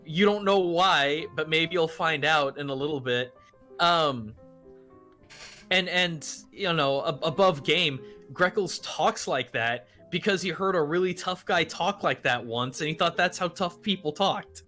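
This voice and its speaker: Bright slightly high guy rambling about his game character, casual chat, faint music behind. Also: measured pace. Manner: animated, rambling with restarts and swearing. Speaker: player and voice actor on a tabletop game show. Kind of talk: casual chat in a live question session.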